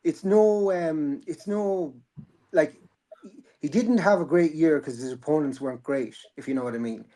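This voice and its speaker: A man's voice: on the high side, normal speed, mellow. A man, hosting a casual boxing chat, rambling and joking, swearing freely. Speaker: boxing podcast host.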